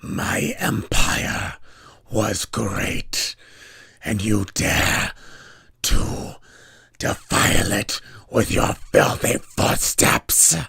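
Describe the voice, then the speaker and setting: Wrathful undead overlord: gravelly, slow, with a lively menacing lilt, dry close sound. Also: male voice, fairly low pitch, no echo, pitched below the performer's own voice, exaggerated voice. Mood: contemptuous. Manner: slow, dragged-out threats. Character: vengeful ancient undead male tyrant.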